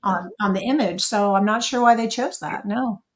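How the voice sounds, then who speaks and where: Middle-aged woman, interview guest, animated and quick to laugh as she tells stories. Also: mid-range voice. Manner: animated, laughs often, quotes others in her stories. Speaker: interview guest, former dancer. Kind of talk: casual interview storytelling.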